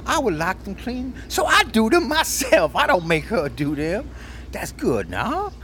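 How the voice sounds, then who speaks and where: A man's voice: sits high, wildly swooping pitch, pushed and bright, slight background noise, heavily acted. A man doing a comedic impression of an older male soul singer who sweet-talks and calls everyone baby. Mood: smooth, teasing. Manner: croons "baby" at the end of lines, drawn-out and teasing. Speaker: podcast co-host.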